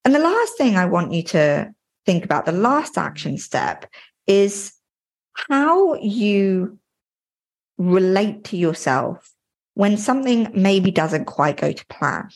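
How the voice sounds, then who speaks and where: A woman hosts a motivational podcast and coaches her listeners directly. Her delivery is earnest and plain-spoken, with a lively, swinging pitch. Her voice is slightly husky. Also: slow pace.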